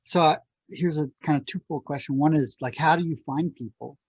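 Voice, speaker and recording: Male interviewer, hesitant; husky, gravelly voice on a dull, dry lo-fi recording. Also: on the high side, darkish tone, no echo. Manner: hesitant, halting questions with restarts. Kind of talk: casual interview.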